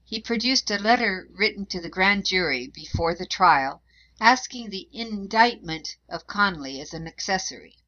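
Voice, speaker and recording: A woman narrating a historical account in a measured, even reading voice. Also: medium pitch. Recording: dull lo-fi recording.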